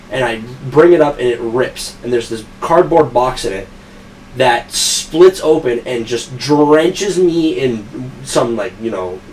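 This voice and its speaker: A man's voice: mid-range voice, darkish tone, far from the mic, a little hiss or hum, low-quality recording. A young man hosting a podcast who tells long, rambling work stories full of swearing and laughs at his own punchlines. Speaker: podcast host. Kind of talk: casual storytelling chat.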